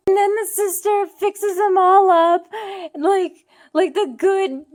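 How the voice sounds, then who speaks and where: A young woman reviewing manga chapters, overwrought, half crying and shouting as she retells the story, swearing freely. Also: very high voice, steady tone, slow.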